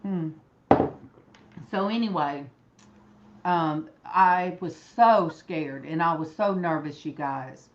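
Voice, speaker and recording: A woman's voice: sits low, slow pace, long pauses, dull audio, slight background noise. Rambling Alabama woman telling a story. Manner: animated, rambling, acts out quoted voices. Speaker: host. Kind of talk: casual storytelling chat. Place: room indoors, echoey.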